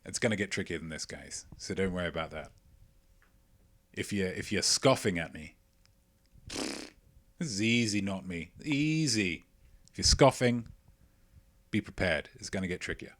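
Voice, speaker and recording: A man hosting a casual livestream quiz, playful and self-mocking, chatting between loud remarks and mumbled asides. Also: low-pitched, moderate pace, long pauses. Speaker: quiz show host.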